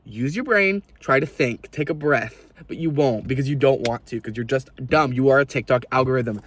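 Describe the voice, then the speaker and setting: A young man ranting to camera in a vlog, animated and exasperated, swearing freely. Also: medium pitch, moderate pace, hardly any pauses, dry recording. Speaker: video creator.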